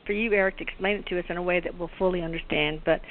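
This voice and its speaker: A woman hosting a call-in radio show, upbeat and brisk as she thanks sponsors and greets callers. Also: fairly low pitch, fairly even intonation, slight background noise. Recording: tinny phone line.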